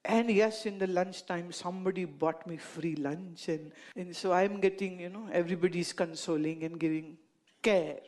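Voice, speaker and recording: A woman's voice: fairly low pitch, normal speed, a little mellow. A woman with an Indian accent telling amused anecdotes to an audience, laughing at her own stories. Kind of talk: anecdotal storytelling talk.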